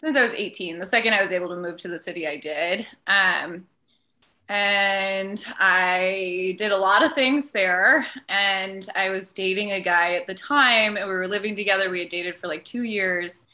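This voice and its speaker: A woman's voice: mid-range voice, normal speed, pushed and bright. A young woman from the Chicago suburbs, a Pilates instructor guesting on a podcast, telling a personal story in a chatty way full of "like". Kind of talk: casual podcast chat.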